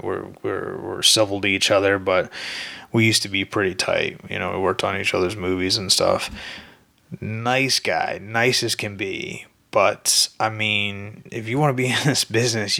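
A man's voice: fairly low pitch, gravelly, sharp tone. A man, an independent filmmaker, telling a rambling, candid story in a casual monologue, with lots of fillers and some swearing.

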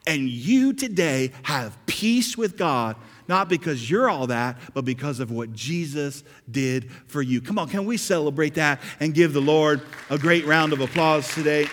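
A male pastor preaches with a high, ringing voice that carries through a large hall with a long reverb. He surges into loud, excited stretches, then drops to quiet, low intensity to press a point. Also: a little slow, few pauses. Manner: dynamic preaching, swinging between loud bursts and hushed low passages. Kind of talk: sermon.

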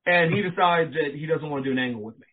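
Man, animated storyteller, acts out quotes, fairly high voice, tinny phone-like sound. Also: fast talker. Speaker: interview guest, former pro wrestler. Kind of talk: casual storytelling interview.

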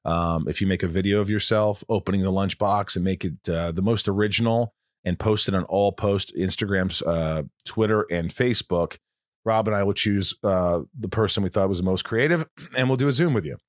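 A man with a very low voice hosts a podcast in easygoing chat. He rambles and jokes at his own expense. The sound is dry and close. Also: a little fast, no room sound. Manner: rambling, with self-deprecating humor. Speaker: podcast host.

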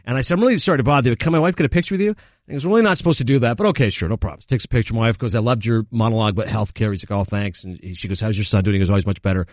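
A man in casual chat, telling quick, animated anecdotes and acting out the quotes. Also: mid-range voice, dry recording. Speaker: guest.

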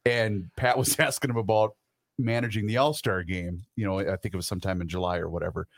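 A man's voice: deep voice, steady tone, fast, no room sound, studio quality. A man co-hosting a talk radio show, bantering in a wry, mock-solemn way. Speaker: radio co-host.

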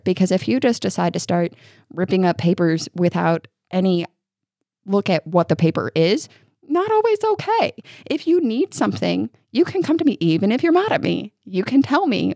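A woman in her thirties co-hosting a podcast, telling stories in a lively way and acting out what people said. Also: mid-range voice, normal speed, no echo, clean studio sound. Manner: animated storytelling, acting out quotes. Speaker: podcast co-host. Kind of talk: casual chat.

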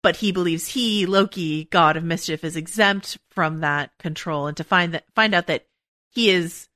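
Podcast host, woman, lower register, bright tone, rambling and self-correcting, dry studio sound. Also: moderate pace, no room sound. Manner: rambling, thinking aloud with many restarts. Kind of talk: casual chat.

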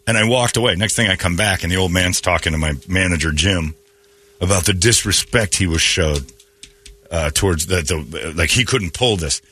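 A man hosting a morning radio show, telling stories in a jokey, animated way. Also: deep voice, moderate pace, slightly rough. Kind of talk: casual radio banter.

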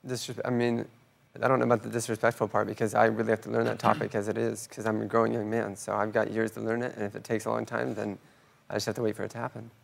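A young man in his twenties defends himself calmly on a talk show. His voice is heavily gravelly and monotone. He talks quickly. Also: lowish voice. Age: 20s. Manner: calm, defensive, flat. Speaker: guest, grown son.

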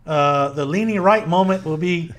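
A man's voice: fairly high pitch, moderate pace, a bit bright. A middle-aged man with a Southern Virginia accent, co-hosting a casual podcast chat in a rambling, friendly way with many fillers. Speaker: podcast co-host.

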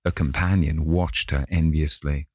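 Man, very low voice, dry close sound, measured audiobook narration. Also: fairly even intonation, no echo. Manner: measured reading, gently voices each character. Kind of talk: scripted narration of a classic novel.

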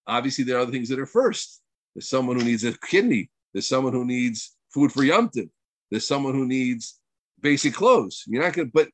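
A middle-aged man giving a casual Torah talk, mixing Hebrew phrases into English and swinging between soft asides and loud outbursts. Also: medium pitch, dry recording. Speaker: Torah teacher.

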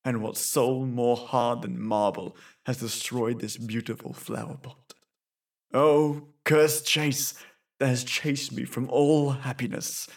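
A man's voice: mid-range voice, fairly even intonation, takes it slowly, recorded from a distance. A man playing a grief-stricken young prince who wails a long, theatrical lament in a storybook. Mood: despairing.

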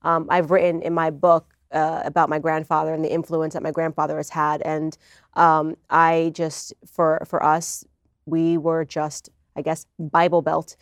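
A woman's voice: low voice, flat delivery, a little slow, no echo. Young woman, earnest, personal storytelling, dry close studio sound. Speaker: guest. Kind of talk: conversational interview.

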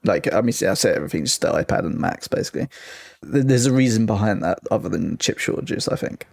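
A man talking tech in a relaxed, hedging way on a casual panel podcast. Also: fairly low pitch, fast, vocal fry, breathy edge, no echo, clean studio sound. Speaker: tech editor, podcast guest.

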